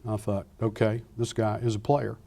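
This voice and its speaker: An older man, a retired Air Force pilot, giving a lecture full of anecdotes and acting out the dialogue with lively restarts. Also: on the low side, moderate pace, gravelly. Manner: animated storyteller acting out dialogue, frequent restarts.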